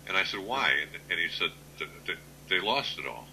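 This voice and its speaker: A man in his sixties, a guest author, telling plainspoken stories at an unhurried pace in a casual interview. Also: sits low, lively intonation, gravelly, bright, forceful tone, a little hiss or hum, poor audio. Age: 60s.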